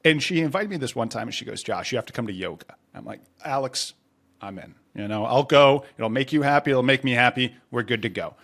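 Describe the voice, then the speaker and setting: A man guesting on a podcast, telling a self-mocking story in a casual, animated way. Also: medium pitch, fairly quick, creaky.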